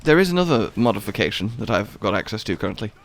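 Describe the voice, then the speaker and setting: A man commentating gameplay in casual banter, jokey and animated, riffing on silly bits with his co-host. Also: on the low side, fast, a little hiss or hum.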